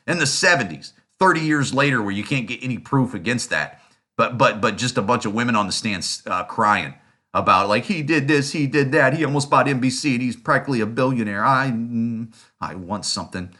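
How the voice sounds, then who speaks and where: A man talks alone into his podcast mic, blunt and profane. His voice is bright and forceful, his speech full of "uh", "like" and restarts. He keeps hammering the same rhetorical questions. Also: medium pitch. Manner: rapid, rising rhetorical questions. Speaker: podcast host. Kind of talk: solo opinion rant.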